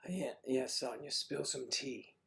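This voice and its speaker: Male livestream host, hoarse and husky, gravelly fry, mid-pitched. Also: a little slow, fairly bright tone. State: hoarse, clearing throat often. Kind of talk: casual livestream chat with viewers.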